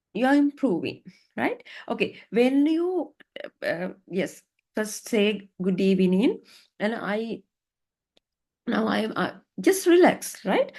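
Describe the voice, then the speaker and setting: Slow, gravelly-voiced Sri teacher woman. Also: a little high, a little mellow. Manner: patient, encouraging, frequent "right?" checks. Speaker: English teacher. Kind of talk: online English lesson, coaching students. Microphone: video call.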